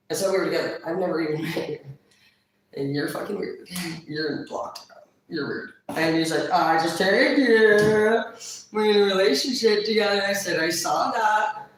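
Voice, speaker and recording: A woman chatting casually on a livestream, blunt and profane, quick to laugh. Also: lowish voice, recorded from a distance. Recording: very echoey room, voice off-mic.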